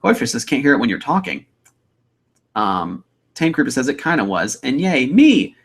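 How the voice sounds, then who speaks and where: A young man hosting a casual livestream, chatty and upbeat as he rambles through viewer comments. His voice has a gravelly edge, and his pitch swings around a lot. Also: very animated, normal speed, a bit bright. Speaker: livestream host.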